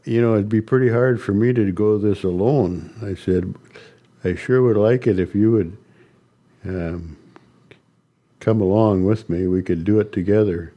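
An older man recounting old church stories in a halting, chuckling interview manner. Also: lowish voice, dull audio. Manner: slow, halting storyteller with chuckles. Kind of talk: storytelling interview.

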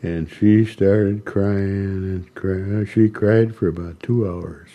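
An older man tells stories at a slow, unhurried pace. His voice is low and mellow. He talks haltingly, with frequent restarts and soft chuckles. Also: steady tone. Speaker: interviewee recounting ministry. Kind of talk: storytelling interview.

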